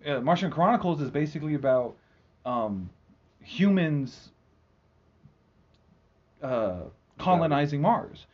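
A man's voice: a little high, expressive, takes it slowly, long pauses, a little mellow, muffled recording. A man in casual chat, retelling a book's story in a rambling, profane way full of fillers. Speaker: podcast host.

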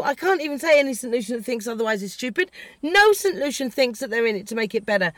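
A woman in full rant mode, swearing freely and laying into politicians with biting sarcasm. Her voice sits somewhat high, and the sound is dry and close, with no room echo at all. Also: fairly bright tone. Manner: blunt and profane, heated and sarcastic. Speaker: political commentator. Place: in the country she discusses.

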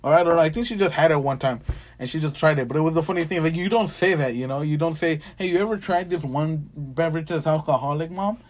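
A man's voice: a little high, fast talker. A young man hosting a casual podcast, rambling through stories, swearing freely and acting out what people said. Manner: rambling storyteller, swears freely, acts out quotes. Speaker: podcast host. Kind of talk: casual chat.

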